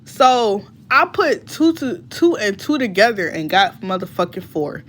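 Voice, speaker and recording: Casual vlogger woman, mid-pitched, animated storytelling, curses freely, pitch leaps up when she's fired up. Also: measured pace, slight background noise. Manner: animated, voice jumps high when she gets heated; blunt and profane.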